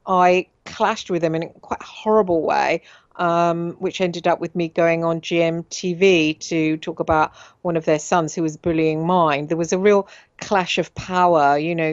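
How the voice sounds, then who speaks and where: A woman's voice: on the low side, dry recording. Rambling woman on a dull radio line. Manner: rambling, confiding, with many fillers and repeated words. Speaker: radio show host. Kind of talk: casual monologue.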